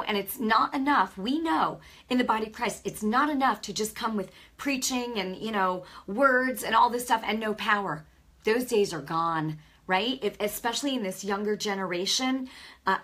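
Husky woman preaching casual style, fired up, lots of restarts. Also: medium pitch, normal speed, bright, forceful tone. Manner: fervent, conversational, many restarts. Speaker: lay preacher. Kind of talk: informal sermon.

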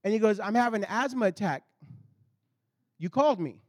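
A pastor preaches in a high, bright tenor at a brisk clip. He tells his story in animated swings, leaping to loud outbursts before dropping into low, intense passages.

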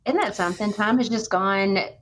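A woman from Tennessee with a Southern accent, a TV entertainment host talking as a podcast guest in a sassy, lively way. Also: medium pitch, brisk. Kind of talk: podcast interview.

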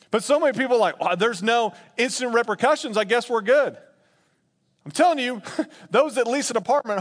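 A man preaching a sermon in an animated, laughing way, acting out quotes in playful voices. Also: high-pitched. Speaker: pastor.

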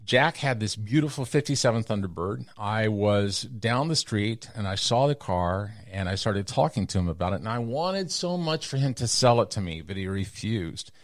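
A middle-aged man from Texas telling personal stories in a casual interview, acting out the voices of people in them with big jumps in pitch. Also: lively intonation, moderate pace, few pauses, no echo, clean studio sound. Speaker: guest storyteller.

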